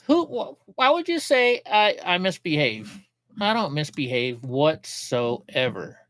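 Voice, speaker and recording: A man's voice: on the high side, sing-song, slow, fairly bright tone, dry recording. A man hosting a casual political news livestream, talking sarcastically, laughing at clips and chatting with viewers. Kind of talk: casual commentary.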